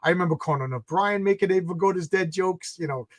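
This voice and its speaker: Brief: middle-aged New York man, high-pitched, nostalgic, joking guest, dry close sound. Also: quick pace, no echo. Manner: reminiscing, joking, repeats words when starting. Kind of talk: casual chat.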